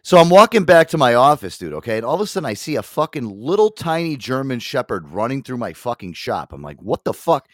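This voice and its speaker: A man hosting a podcast, spinning a rambling, profane story with a lot of swing in his pitch. He slips into the voices of the people in the story. The sound is close and dry, with no room around it. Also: big pitch swings, fast talker, few pauses, no echo. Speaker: podcast host. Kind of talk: casual podcast chat.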